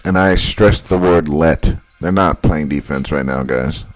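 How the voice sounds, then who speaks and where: A man breaking down football highlights in casual commentary, blunt and exasperated, repeating his points. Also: a little slow, no room sound, soft background music. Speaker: football film analyst.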